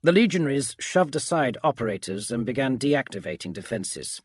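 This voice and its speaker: Husky man narrating a bedtime audiobook. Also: mid-range voice, big pitch swings, normal speed, few pauses, dry recording, studio quality.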